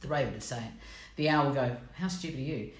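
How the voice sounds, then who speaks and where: Low-voiced chatty woman in an echoey room. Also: fast talker. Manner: chatty, blunt and self-mocking, greets viewers by name. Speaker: host of a personality coaching live stream. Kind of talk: casual live-stream talk to viewers.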